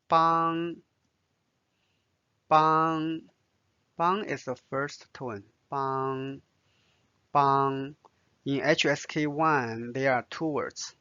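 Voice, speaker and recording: A man teaching a language lesson, a native Chinese speaker who explains patiently, repeats each word and pauses with "uh". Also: medium pitch, a bit bright, no echo, highs cut off. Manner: slow, patient, repeats words, many "uh" pauses.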